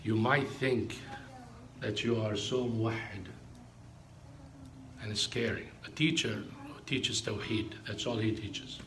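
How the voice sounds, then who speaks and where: A man's voice: lowish voice, steady tone, unhurried, long pauses, noisy background. A man, an imam, preaching a sermon in an emphatic storytelling way, dropping in Arabic phrases.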